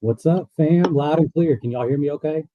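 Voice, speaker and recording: A man appearing as a podcast guest, chatting in a relaxed, rambling way. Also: a little high, normal speed, dry recording, phone-quality sound. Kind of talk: casual podcast chat.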